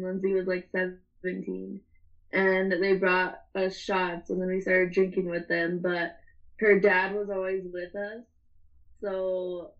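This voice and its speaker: A woman's voice: lowish voice, lo-fi sound. A young adult woman telling a story in casual chat, rambling and swearing, often breaking into laughter.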